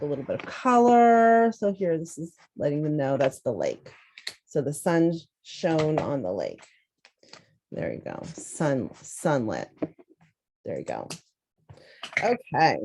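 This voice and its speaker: A woman's voice: low-pitched, darkish tone, slight background noise. A woman teacher with a Southern US accent, casually demonstrating a lesson and sounding words out syllable by syllable. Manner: casual, thinking aloud, sounding words out slowly. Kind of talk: instructional demonstration.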